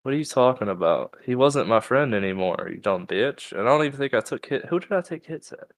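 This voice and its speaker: A man's voice: mid-range voice, expressive, brisk, no echo. A young man co-hosting a podcast in casual, profane, rambling chat, at times reading a post aloud and reacting to it. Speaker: podcast co-host.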